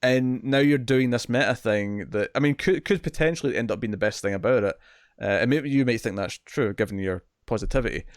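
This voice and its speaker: A British man talks through a television episode on a review podcast in a loose, rambling way, often doubling his words as he recaps. His voice sits at an ordinary pitch, and the room around him is dry and close. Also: brisk, no room sound. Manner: rambling, repeats words, acts out scenes in quotes. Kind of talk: casual review chat.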